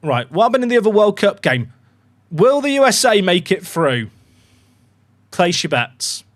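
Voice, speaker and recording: An English young man streams a football management game, chatting excitedly with his viewers and swearing casually as he commentates live. His voice sits high and he talks at a normal speed.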